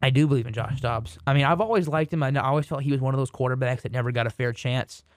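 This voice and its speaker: A young man co-hosting a casual sports podcast, joking and rambling with quick restarts. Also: mid-range voice, dry recording, clean studio sound. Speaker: podcast co-host.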